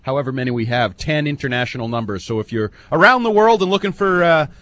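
A man's voice: mid-range voice, fast, no room sound. A man co-hosting a sports radio show, breaking down the game with a joking edge. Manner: joking, animated analyst. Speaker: radio co-host. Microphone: studio microphone.

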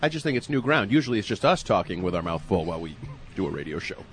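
Lively, argumentative male radio co-host. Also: sits low, fast talker. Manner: argumentative, teasing, laughs often. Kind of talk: casual sports talk radio banter.

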